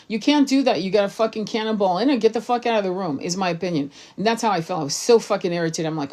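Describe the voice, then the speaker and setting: A woman's voice: mid-range voice, lively intonation, brisk, few pauses, darkish tone. A woman talking in a casual, blunt monologue, with plenty of swearing and emphatic asides. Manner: blunt, profane, emphatic storytelling. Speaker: tarot reader.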